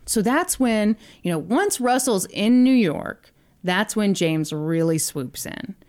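A woman's voice: medium pitch, lively intonation, takes it slowly, darkish tone. A woman hosting a podcast, telling a story in a casual, jokey way with casual swearing.

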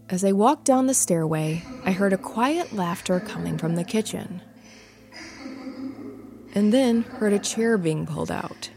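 Woman reading a creepy story, slow and suspenseful, a little music in the back. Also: on the low side, dark tone. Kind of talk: scripted first-person narration of a ghost story. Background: faint music.

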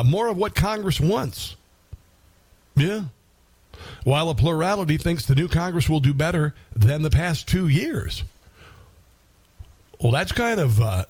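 A man's voice: mid-range voice, a little mellow, husky, no room sound. A man hosting a talk radio show, delivering a combative, sarcastic monologue.

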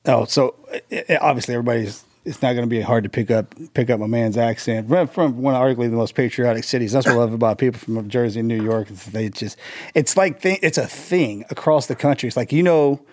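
A man's voice: medium pitch, quick pace, a little mellow, no room sound, studio quality. A man with a Texan accent, co-hosting a podcast in a friendly, rambling way with restarts. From Texas. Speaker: podcast co-host. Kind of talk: casual interview chat.

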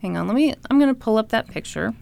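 A woman co-hosting a podcast, telling a story with playful teasing and dramatic pauses. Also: fairly high pitch, lively intonation, vocal fry, a little mellow, dry recording. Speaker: podcast co-host. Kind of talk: comedic storytelling.

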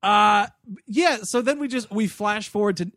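Man, high lively voice, casual movie chat, dry close sound. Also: normal speed, dry recording. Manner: animated, acts out characters in quotes. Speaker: podcast co-host.

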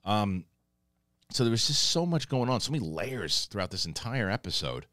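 A male host giving an excited, rambling spoken review of a TV episode and acting out lines as he goes. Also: on the low side, normal speed, no echo, studio quality.

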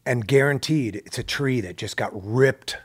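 Guy telling a story, animated, swears a lot, acts out quotes. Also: medium pitch, a little slow, breathy edge. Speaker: guest filmmaker. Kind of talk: casual storytelling.

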